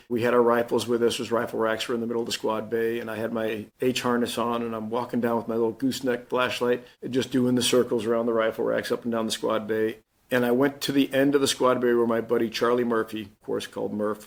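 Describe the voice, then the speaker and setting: A man's voice: medium pitch, flat delivery, fairly quick, vocal fry. A man in his fifties, a Marine Corps general, telling his story plainly in an interview and acting out the dialogue he quotes. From Missouri.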